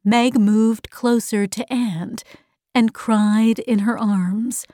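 Woman narrator reading a storybook aloud, fairly high voice, deliberate delivery. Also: fairly even intonation, warm tone, no echo, clean studio sound. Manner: slow, deliberate, clearly paced.

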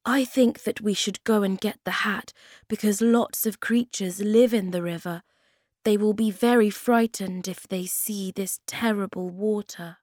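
A woman voicing a calm young wanderer in a storybook, speaking softly and steadily. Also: mid-range voice, measured pace, no room sound, clean studio sound, pitched above the performer's own voice, close to an everyday voice. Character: calm, wandering young man, quietly wise.

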